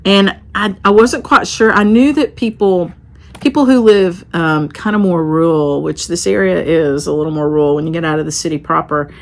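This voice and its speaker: A woman's voice: on the low side, fairly even intonation, moderate pace. Chatty middle-aged Southern Appalachian woman. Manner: rambling, chatty, with laughs and "um"s. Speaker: shop owner and stitching vlogger. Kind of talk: casual chat to camera.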